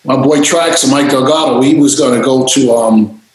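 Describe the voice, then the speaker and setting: A man telling stories in a casual interview, animated and freely swearing, acting out voices. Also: mid-range voice, moderate pace, very echoey, poor audio. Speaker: interview guest, DJ and producer.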